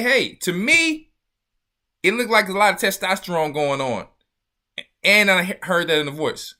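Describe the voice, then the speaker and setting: Lively high-voiced man reacting to clips. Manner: animated, laughing, preacher-like asides. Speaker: online show host reacting to clips. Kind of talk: casual commentary over video clips.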